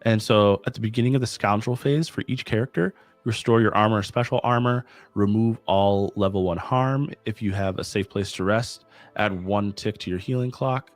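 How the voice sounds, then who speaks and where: Man, low voice, game master reading rules, measured, dry close sound. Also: no echo, soft background music. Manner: reads rules aloud in an even, measured way. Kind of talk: explaining game rules at a tabletop session.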